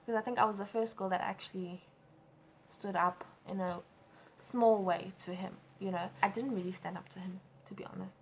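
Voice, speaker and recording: A young woman with a South African accent telling a storytime vlog, animated and acting out quotes. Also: normal speed, gravelly, a little hiss or hum. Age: young adult. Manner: animated, acts out quotes with big pitch jumps. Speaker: vlogger. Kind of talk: casual storytime.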